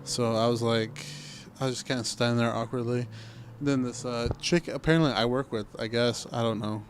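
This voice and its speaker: A man's voice: mid-range voice, fairly even intonation, a little fast, slight background noise. A young man telling a casual story on a podcast recorded in a car, acting out what people said. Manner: laid-back storytelling, acts out quoted talk. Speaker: podcast co-host. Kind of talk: casual chat.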